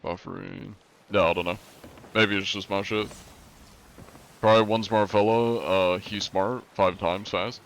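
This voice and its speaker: A man's voice: on the low side, fairly even intonation, unhurried, creaky, pauses often, a little hiss or hum. Rambling, swearing young male streamer. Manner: rambling, swears a lot, laughs at his own stumbles. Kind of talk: casual gameplay streaming.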